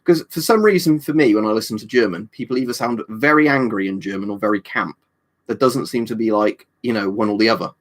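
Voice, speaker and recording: A man's voice: lowish voice, fast. A man hosting a casual livestream, reading viewer comments and rambling with swearing and jokey asides. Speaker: livestream host.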